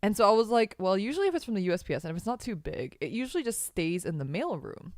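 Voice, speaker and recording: Woman streamer host on a home mic, rambly, laughs a lot, pitch jumps around. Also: very animated, fast, no room sound, studio quality. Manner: rambling storyteller, many fillers, bursts into laughter. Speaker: podcast host. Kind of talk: casual chat on a streamed podcast.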